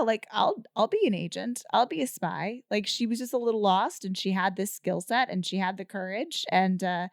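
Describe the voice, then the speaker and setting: A woman co-hosting a film podcast in casual chat, animated and quick to laugh. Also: medium pitch, no echo, studio quality. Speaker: podcast co-host.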